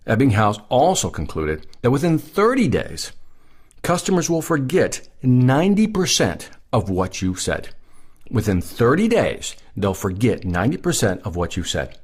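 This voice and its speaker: A man's voice: mid-range voice, slightly rough. A man giving a sales training talk, emphatic, repeating key points and putting questions to the listener.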